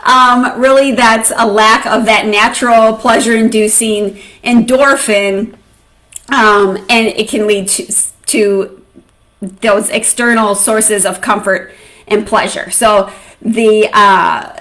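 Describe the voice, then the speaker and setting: A woman's voice: mid-range voice, steady tone, slow, a bit bright. A woman mood coach for mothers giving an educational video talk, conversational and often checking in with "right?".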